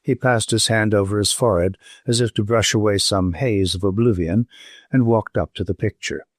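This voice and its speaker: A man narrating a classic novel as a scripted audiobook, with expressive, varied intonation. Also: fairly low pitch, moderate pace, no echo, studio quality.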